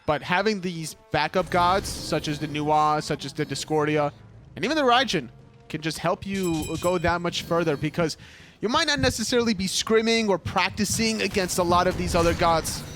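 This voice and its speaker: High-voiced male esports analyst. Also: normal speed, soft background music. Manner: analytical, explains strategy calmly. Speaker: color commentator.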